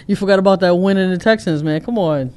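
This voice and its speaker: A man with a notably high, smooth and clear voice hosts a casual sports podcast. He keeps things easygoing, laughing often and steering the chat along. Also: a little fast, a little mellow. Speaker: podcast host.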